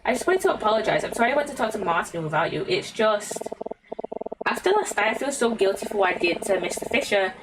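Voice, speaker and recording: A woman's voice: medium pitch, lively intonation, fast talker, recorded from a distance, noisy background, lightly acted. A British woman reading as an anxious, guilt-ridden young woman. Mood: guilty, anxious.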